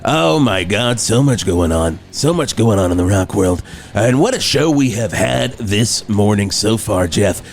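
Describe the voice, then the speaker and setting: A man's voice: lowish voice, expressive, a little slow, slight background noise. A man playing a cheesy morning rock radio host who rambles through his show patter. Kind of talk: improvised comedy.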